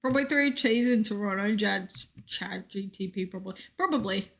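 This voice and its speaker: A woman's voice: mid-range voice, moderate pace, vocal fry, a bit bright. A young woman streaming a game, chatting casually and reading out chat with joking asides.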